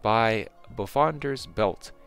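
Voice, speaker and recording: A blustering, gruff male dwarf, as a narrator puts him on, loud and suspicious of strangers, angling for free ale. The voice sits low with a husky bark to it. Soft music plays under this storybook reading. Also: expressive, takes it slowly, exaggerated voice. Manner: blustering, greedy bargaining.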